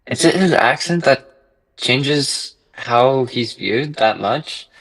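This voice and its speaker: A man's voice: medium pitch, takes it slowly, a bit bright, husky, poor audio. A man in a casual philosophical discussion who questions and reasons tentatively. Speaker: discussion participant.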